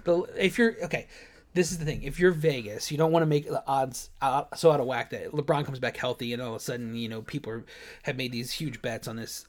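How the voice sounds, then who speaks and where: A podcast co-host with a medium-pitched voice talks a little fast as he chats casually about sports. He rambles, laughs often, and keeps restarting his sentences.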